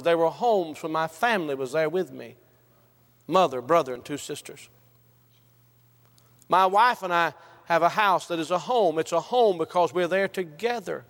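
A man preaching a sermon, quoting scripture and last words, swelling to impassioned highs and dropping low. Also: a bit bright, in a large hall.

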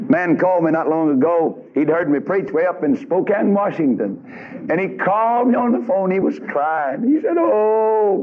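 A man's voice: a little high, slight background noise. A man preaching a revival sermon in a church, fiery, folksy and emphatic. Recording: lo-fi old tape recording.

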